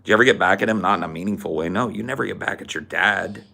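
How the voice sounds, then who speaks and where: A man's voice: sits low, racing, vocal fry, bright, forceful tone. A young adult man hosting a podcast, telling a rambling story in a casual, profane way. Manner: rambling, swears casually, lots of fillers. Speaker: podcast host.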